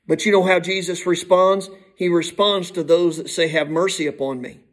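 High-voiced man preaching a sermon. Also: steady tone, moderate pace, poor audio. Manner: emphatic preaching, swinging from soft to shouted.

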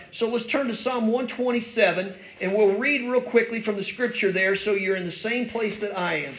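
An older male pastor with a notably high voice delivers a sermon in a roomy, echoing church. He preaches in a folksy, self-deprecating way, leaning on stories from home. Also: a bit bright. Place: church sanctuary.

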